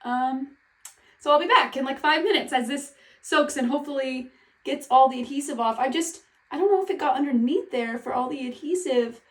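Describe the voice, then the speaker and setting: Woman vlogger, anxious self-talk, rambling delivery, bright-ish pitch, roomy echo. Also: fairly quick. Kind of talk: casual vlog talk. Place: at home. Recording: echoey room, voice from a distance.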